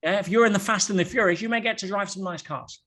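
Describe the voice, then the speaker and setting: A man talking as a guest on a podcast, telling stories in an animated way with rhetorical questions and quick restarts. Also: high voice. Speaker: podcast guest, motivational speaker. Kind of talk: podcast conversation.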